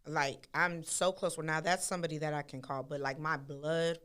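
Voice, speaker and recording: A woman's voice: sits low, normal speed, clean tone. A woman, co-hosting a podcast in casual chat, telling stories candidly with slang. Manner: candid, animated storytelling with slang. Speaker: podcast co-host.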